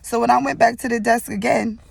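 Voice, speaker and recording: A young woman rambles through an emotional testimony, full of fillers and asides. Her voice has a gravelly fry and sounds close and dry, and she is on the edge of tears the whole time. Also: a little high, fairly even intonation, fairly quick, dry recording. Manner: rambling, chatty storytelling with many fillers. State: tearful, fighting back tears. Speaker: vlogger sharing a testimony. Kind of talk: emotional personal testimony vlog. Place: indoors at a gym.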